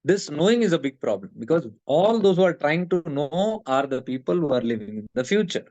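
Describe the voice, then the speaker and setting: A middle-aged man with an Indian accent gives a spiritual talk to an online audience. He tells stories in a lively way, acts out the voices of his friends, and slips Hindi into his English. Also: fairly high pitch, brisk, no echo. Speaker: spiritual teacher.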